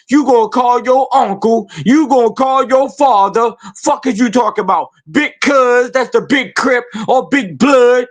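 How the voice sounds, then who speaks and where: Profane, taunting high-voiced male podcaster. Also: a bit bright. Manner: profane, taunting, rhetorical questions. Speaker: podcast host. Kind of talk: confrontational rant.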